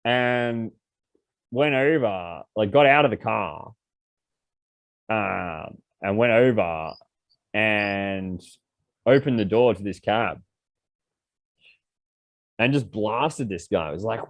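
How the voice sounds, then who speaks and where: A man's voice: on the low side, takes it slowly, long pauses, no room sound. A man, a podcast guest, telling casual stories full of swearing and filler words. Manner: swears freely, heavy filler words, animated. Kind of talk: casual storytelling.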